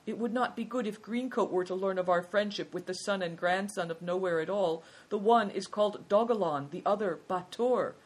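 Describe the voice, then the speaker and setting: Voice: medium pitch, normal speed, few pauses, pitched above the performer's own voice, close to an everyday voice. A reader voicing Big Tiger, an eager, polite young traveler who speaks up and announces news, in a storybook reading.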